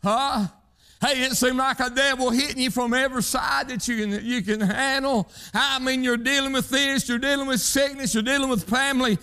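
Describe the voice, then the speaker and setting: A man's voice: extremely high pitch, fairly even intonation, moderate pace, bright, forceful tone, clean tone. A man preaching a sermon in rhythmic, emphatic bursts, punctuated with "hey" and "huh" calls to the congregation, in plain country speech.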